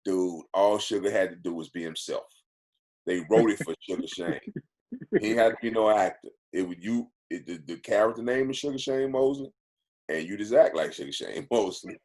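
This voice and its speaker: A man from Texas with a lowish voice tells stories on a podcast. He is animated and quick to laugh. He hammers his point home by repeating phrases. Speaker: podcast guest, actor and former football player. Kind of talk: casual storytelling.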